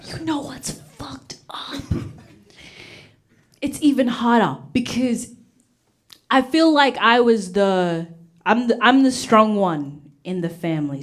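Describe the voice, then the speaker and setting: A young woman from Uganda performing a stand-up comedy set on stage before a live audience, with a brash, punchy delivery. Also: mid-range voice. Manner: brash, punchy delivery with laughs between jokes.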